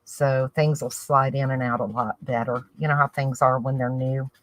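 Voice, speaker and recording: A woman's voice: very deep voice, fairly even intonation, normal speed, a little hiss or hum, rough recording. A woman with a Southern US accent chatting casually to viewers, rambling and thinking aloud as she works on a craft project. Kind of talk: casual crafting chat to camera.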